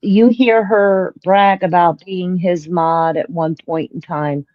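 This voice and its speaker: A woman's voice: lowish voice, fairly even intonation, slow, no room sound, muffled recording. A woman from Florida with a Southern accent, a guest chatting frankly and casually. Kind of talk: casual interview chat.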